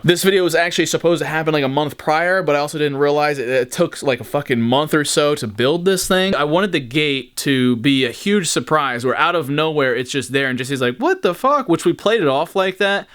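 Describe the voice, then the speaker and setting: A young YouTuber talks fairly quickly with barely any pauses, his slightly high voice clear and resonant. He casually recounts stories behind his videos, swearing freely and acting out quotes in animated fashion.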